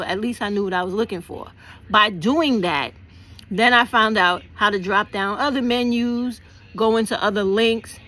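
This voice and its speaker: A woman's voice: medium pitch, a bit bright. A woman talking bluntly and passionately to her viewers, swearing freely as she explains civic action. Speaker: vlogger. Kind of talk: casual political talk to camera.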